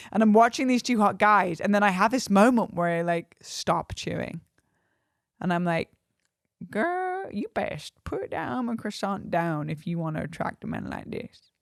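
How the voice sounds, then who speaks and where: A woman's voice: on the low side, no room sound. Chatty woman podcaster, dry close sound. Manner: chatty, animated storytelling with many fillers and laughs. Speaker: podcast host. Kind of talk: casual solo podcast monologue.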